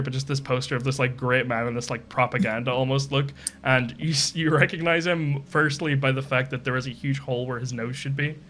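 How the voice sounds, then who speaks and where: Dungeon master narrating, rambling, mid-pitched male voice, faint music behind. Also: fairly bright tone. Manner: loose and rambling, with many fillers and laughs. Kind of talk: narrating a tabletop game.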